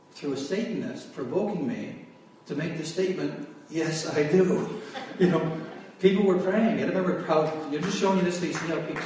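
A man's voice: fairly high pitch, a little mellow, a little hiss or hum. A man giving his testimony as a sermon, telling his story and raising his voice at its peaks. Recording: echoey hall from far off.

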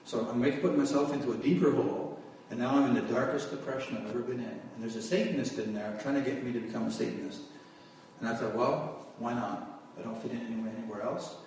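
Male preacher telling his story from the pulpit, mid-pitched, caught by a distant mic in a very echoey hall. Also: steady tone, quick pace, darkish tone, a little hiss or hum. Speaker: preacher giving testimony. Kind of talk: testimony sermon.

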